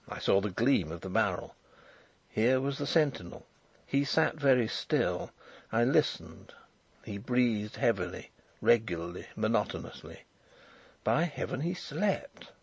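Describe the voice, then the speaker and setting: A man reading a novel aloud as an audiobook narrator, in a measured, dramatic storytelling manner. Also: on the low side, lively intonation, vocal fry, slightly rough, no echo. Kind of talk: first-person audiobook narration.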